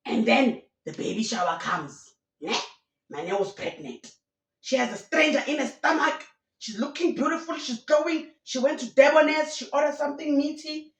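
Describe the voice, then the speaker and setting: A woman tells gossip stories on her channel in a chatty, animated way, mixing in local slang. Her voice comes from a little way off the mic, in a room with a noticeable echo. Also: high voice, moderate pace, recorded from a distance. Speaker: YouTube commentator. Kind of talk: casual gossip commentary. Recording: roomy sound from away from the mic.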